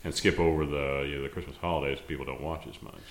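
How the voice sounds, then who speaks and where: A man's voice: rumbling low, fairly even intonation, quick pace, roomy sound. A man in a casual podcast chat, talking in a laid-back way with many fillers.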